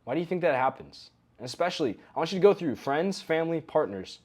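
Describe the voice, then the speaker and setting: A young adult man giving a recorded coaching lesson in a relaxed, conversational way, often acting out example phrases. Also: a little high, quick pace. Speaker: coaching course instructor.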